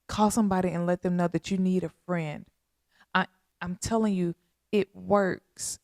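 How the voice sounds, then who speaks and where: A woman hosting a podcast, making a heartfelt spoken appeal in a slow, earnest, pleading way with a lot of repetition. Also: on the low side, fairly even intonation, darkish tone, dry recording, studio quality. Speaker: podcast host.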